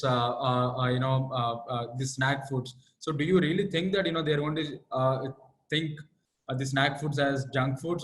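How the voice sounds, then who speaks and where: A man's voice: on the high side, rough recording. Hesitant Indian English male host. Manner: hesitant, many fillers. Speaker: host reading audience questions. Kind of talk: live Q&A moderation.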